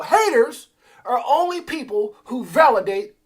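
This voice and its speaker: Middle-aged male livestream host, husky and higher-pitched, preachy and fired up, shouts out his chat. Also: very animated, normal speed. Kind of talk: energetic motivational livestream rant.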